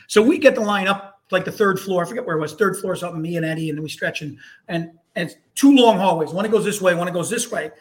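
A man's voice: sits high, a bit bright. A man from Hartford, Connecticut, telling rambling firehouse stories in a casual chat, full of restarts and blunt, salty talk. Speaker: guest, firefighter. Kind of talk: casual storytelling.

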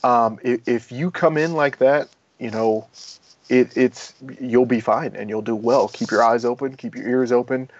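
A man's voice: medium pitch, normal speed, dry recording, dull audio. Man ex-Marine firefighter, loose and profane. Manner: rambling, profane, animated when retelling stories. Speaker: guest, former Marine turned firefighter. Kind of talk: casual interview storytelling.

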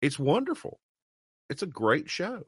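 A man hosting a casual wrestling interview, an excitable, enthusiastic fan who chats eagerly with his guest. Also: on the high side, measured pace, breathy edge, no room sound, clean studio sound. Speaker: podcast host.

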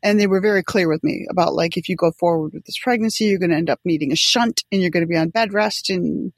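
Middle-aged woman, gravelly husky voice, chatty and rambling, dry sound. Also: fairly low pitch, quick pace, no room sound. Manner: conversational, wandering, corrects herself. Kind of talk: casual chat.

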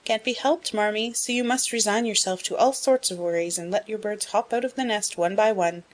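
Spirited, blunt young woman for a storybook audiobook, voiced by a woman; raised, energetic delivery. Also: mid-range voice, pitched above the performer's own voice, natural voice. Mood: earnest. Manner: brisk, emphatic, rising to excited outbursts. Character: spirited young woman, frank, headstrong, tomboyish. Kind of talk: audiobook character reading.

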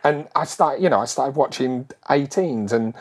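A middle-aged man, talking in a relaxed, storytelling way. His voice sits in a middle pitch, and he rambles on with lively asides. It sounds like casual conversation rather than anything scripted. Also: breathy edge. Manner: animated, rambling, quick asides.

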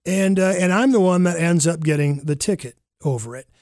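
A man casually recounting a personal mishap, animated and rambling, with fillers and self-corrections. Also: a little high, fairly quick, no room sound, clean studio sound. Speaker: storyteller.

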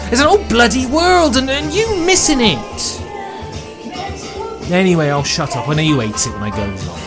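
Man putting on a loud crude lad, higher than his own voice, lively swings, swearing and cackling. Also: normal speed, loud music behind the voice. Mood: coaxing, tender. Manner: boisterous, swearing, laughing, stammering restarts. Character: crude cheerful English lad, young man abroad. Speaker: character leaving a phone message. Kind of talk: voiced phone message in a solo tabletop game.

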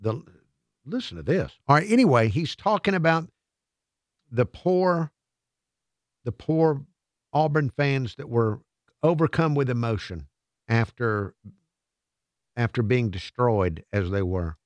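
A man's voice: mid-range voice, lively intonation, slow, long pauses, no echo. A man hosting a radio talk show, playful and self-mocking, often trailing off and restarting. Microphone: studio microphone.

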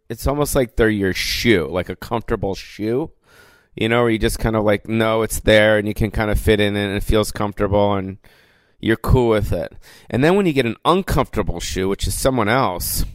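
Recorded by himself with no producers around, this podcaster goes on a casual, rambling rant full of profanity and filler words. His pitch is fairly low, and the recording sounds dry.

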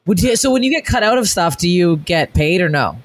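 A man's voice: sits high, lively intonation, a little fast. A man hosting a casual chat who reacts with short exclamations and jokes.

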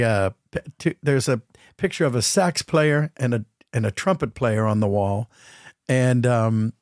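A man hosting a podcast, telling a story in a casual, animated way and acting out what people said. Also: medium pitch, dry recording, clean studio sound. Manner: animated, acts out quotes, chuckles. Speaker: podcast host.

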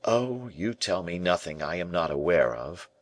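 A man's voice: low voice, lively intonation, normal speed, dry recording. A man reading the part of a proud, earnest young male prisoner who presses with searching, defiant questions.

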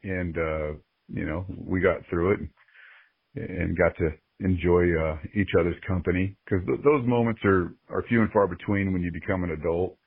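A sports ring announcer speaks on a podcast as a guest, candid and visibly moved as he looks back on his life. His low voice is creaky with a breathy edge, at normal speed. The audio sounds like a phone call, narrow-band with no room sound.

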